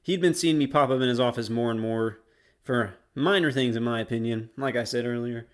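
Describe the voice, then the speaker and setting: A man's voice: medium pitch, fairly quick. A young man casually telling a school story as a YouTuber, slangy and rambling. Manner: slangy, rambling, laid-back.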